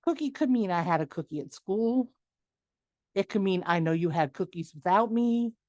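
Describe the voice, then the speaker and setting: A middle-aged woman presenting a workshop, lively and animated, acting out quoted dialogue as she explains. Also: medium pitch, moderate pace, dry recording. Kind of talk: webinar presentation.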